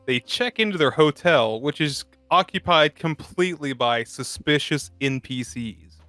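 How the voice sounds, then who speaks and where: A man co-hosting a podcast, talking fast and joking with a profane edge. His voice is bright and forceful, and the recording is dry and close. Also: on the high side, expressive, no room sound, faint music behind. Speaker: podcast co-host. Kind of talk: casual chat about a film over beer.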